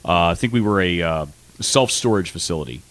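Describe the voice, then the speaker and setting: A man's voice: low-pitched, fairly quick, no room sound. A man co-hosting a radio comedy show in a studio, rambling through casual banter and filling his sentences with "uh". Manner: animated and rambling, with frequent fillers.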